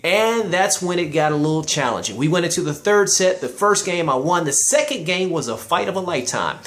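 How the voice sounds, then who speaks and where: A man's voice: on the high side, lively intonation, fairly quick, a bit bright. A man giving an inspirational, sermon-style talk, emphatic and preacherly, addressing listeners directly and quoting scripture. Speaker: motivational speaker.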